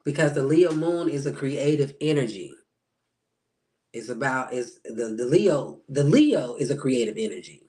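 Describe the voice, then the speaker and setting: A chatty man in a casual live-stream astrology talk. He answers viewers by name and acts out the reactions he quotes. His voice sits at an ordinary middle pitch. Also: lively intonation, moderate pace, dark tone. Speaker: spiritual life coach.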